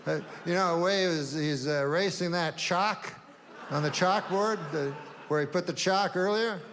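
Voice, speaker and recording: An older man doing stand-up in a dry, deadpan, rambling way, pitched a little higher than most men. His voice carries a long hall echo, with faint room ambience underneath. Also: slight background noise. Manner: deadpan, rambling, drawn-out pauses. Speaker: stand-up comedian.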